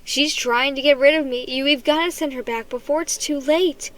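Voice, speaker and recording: A woman's voice: sits high, steady tone, normal speed, a bit bright, rough recording. A woman voicing an anxious, jealous preteen boy who pleads and insists in a storybook reading. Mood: pleading, alarmed.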